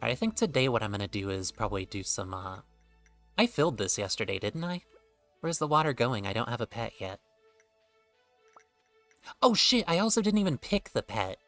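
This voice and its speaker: A man's voice: mid-range voice, big pitch swings, normal speed, long pauses, a bit bright, soft background music. A man streaming a game, chatting casually, rambling and joking with offhand swearing. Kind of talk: casual gameplay commentary.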